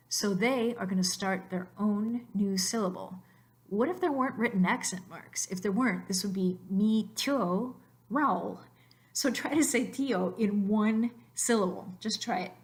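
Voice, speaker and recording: A woman at a middle pitch narrates a recorded slide lesson on Spanish pronunciation. She explains step by step and patiently, drawing out the words she wants to stress. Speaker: Spanish teacher.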